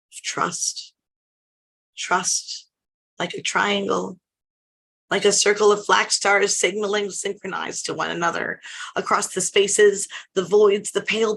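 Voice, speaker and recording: A woman reading her poetry at an online open mic, measured and lyrical. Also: medium pitch, gravelly, a bit bright, slightly rough. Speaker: poet.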